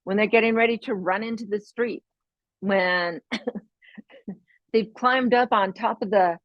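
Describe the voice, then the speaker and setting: A woman's voice: medium pitch, steady tone, slow pace, no room sound, dull audio. A woman hosting a parenting podcast in a casual, chatty way, often adding "right?" and laughing as she talks. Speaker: podcast host.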